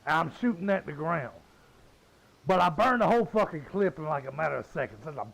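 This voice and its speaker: Gravelly, high-pitched Southern man in his fifties. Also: animated, brisk, a bit bright, rough recording. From Southern United States. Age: 50s. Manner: heated, swearing, blunt. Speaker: gamer. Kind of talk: profane casual rant while gaming.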